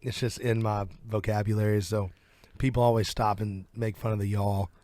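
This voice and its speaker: A man's voice: lowish voice, moderate pace, dry recording. Southern US man, country singer guest, loose rambling chat, dry close studio sound. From southern United States. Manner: relaxed, rambling, laughs easily. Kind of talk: casual interview chat. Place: radio studio.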